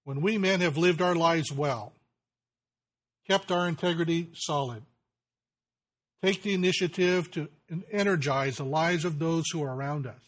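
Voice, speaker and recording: A man preaching a sermon in a folksy way, slowing down to stress key lines. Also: a little high, a bit bright. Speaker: pastor.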